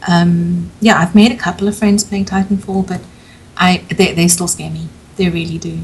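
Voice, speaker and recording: A woman's voice: fairly low pitch, little pitch movement, moderate pace, darkish tone, a little hiss or hum, low-quality recording. A woman co-hosting a podcast, chatting candidly and openly in a casual way. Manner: chatty, candid, frequent laughter.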